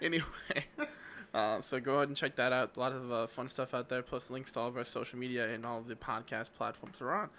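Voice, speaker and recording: Male podcast co-host, bright forward voice, casual rambling delivery. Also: mid-range voice, fairly even intonation, quick pace, slight background noise. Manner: chatty, rambling promos with fillers.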